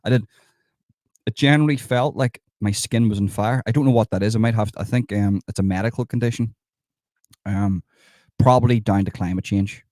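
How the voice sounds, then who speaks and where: A man giving sarcastic live commentary over video clips, mock-approving and breaking into excitable outbursts. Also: on the low side, a little fast, no echo, studio quality. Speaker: satirical commentator.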